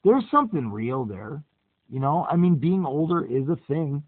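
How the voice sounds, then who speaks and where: A middle-aged man telling stories in a casual chat, lively and animated, with quick jumps into quoted voices. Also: on the high side, no room sound. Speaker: podcast host. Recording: tinny phone-like dry sound.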